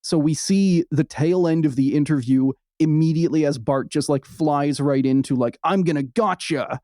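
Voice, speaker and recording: A man co-hosting a podcast, talking fast and wry as he recaps, with quick asides. His voice sits fairly high but sounds mellow and warm. The sound is dry and close, with no room around it. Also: fairly even intonation, no echo. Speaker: podcast co-host. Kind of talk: casual podcast chat.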